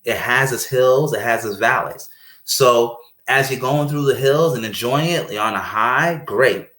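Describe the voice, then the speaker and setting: A man talking casually as a podcast guest, telling stories in an animated way. He slips into little acted-out voices now and then and laughs easily. The room around him carries a noticeable echo. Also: medium pitch, unhurried. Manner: animated storyteller, acts out voices, laughs often. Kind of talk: casual chat.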